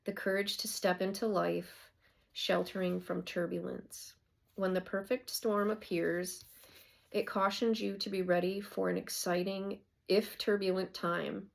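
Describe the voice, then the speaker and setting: Gravelly fifty-something lady doing a card reading, reads the card then rambles on. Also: medium pitch, little pitch movement, unhurried. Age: 50s. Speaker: oracle card reader. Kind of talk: casual oracle card reading.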